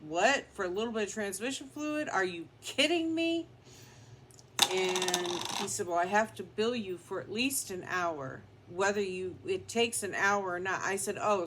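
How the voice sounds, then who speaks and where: A woman beauty vlogger talks her way through her makeup at home in a loose, down-to-earth ramble. Her voice sits a little low and she takes her time over every phrase. A faint hum of room noise stays underneath. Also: a bit bright. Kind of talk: casual chat while doing makeup.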